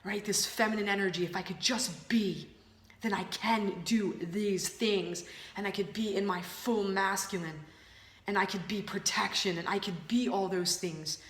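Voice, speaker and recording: A woman's voice: medium pitch, steady tone, normal speed, a bit bright. A woman co-hosting a casual spiritual chat, bubbly and giggly, with many fillers. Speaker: spiritual coach co-host. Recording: roomy echoey room.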